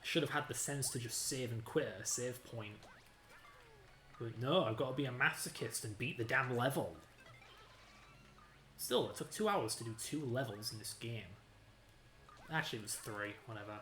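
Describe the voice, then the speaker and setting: Young woman, game streamer, very low voice, lively pitch, blunt and sweary, echoey room, faint game music. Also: normal speed, pauses often. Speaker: streamer playing retro games. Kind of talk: casual let's-play commentary.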